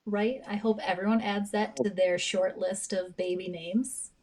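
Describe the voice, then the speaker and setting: A woman's voice: mid-range voice, steady tone, unhurried, a little mellow. A young woman from the American Midwest co-hosting a casual chat, teasing and laughing at herself. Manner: laughing, self-deprecating. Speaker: co-host.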